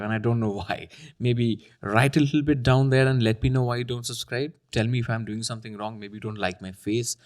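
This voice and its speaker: A man talks straight to his viewers in a loose, joking way and teases them as he goes. His voice sits at an everyday middle pitch. The delivery is casual commentary to camera, not a reading. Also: darkish tone. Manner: playful, teasing, chatty. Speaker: camera YouTuber. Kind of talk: casual talking-head commentary.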